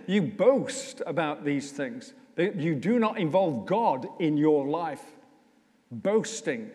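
A man, a vicar, preaching a conversational sermon with humour, slowing down to stress key lines, in a church. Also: on the high side, expressive, darkish tone. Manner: conversational, humorous, slows down for emphasis. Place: church, indoors. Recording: echoey church hall.

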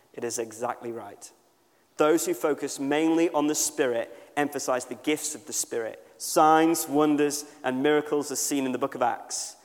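A man giving a sermon at a church service, talking in an earnest, conversational way and slowing down to stress key points. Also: medium pitch, in a large hall. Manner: conversational and earnest, slows down for emphasis. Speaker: church speaker. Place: church service with a live band.

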